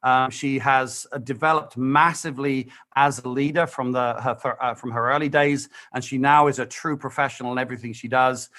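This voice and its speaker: A man hosting a conference call, introducing the next speaker with halting, warm praise and many fillers. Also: medium pitch, steady tone. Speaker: event host.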